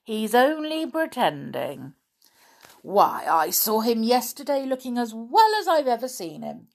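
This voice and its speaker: A woman's voice: fairly high pitch, big pitch swings, unhurried, vocal fry, darkish tone, voice pushed up, heavily acted. A woman voicing a sly, grinning male squirrel shopkeeper in a children's storybook, amused and teasing.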